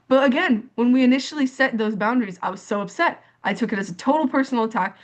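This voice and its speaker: A young woman on a discussion panel talks quickly and candidly about her own experiences, though the audio is dull. Her speech is full of fillers, restarts and repetitions, and she tells her story animatedly, raising her pitch to act out what others said.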